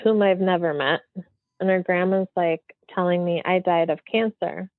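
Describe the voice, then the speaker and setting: A woman's voice: lowish voice, normal speed, no echo. A woman guest telling a story in a casual interview, rambling and chatty with lots of fillers, heard over a remote call. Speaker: guest medium. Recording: dry, thin phone-like audio.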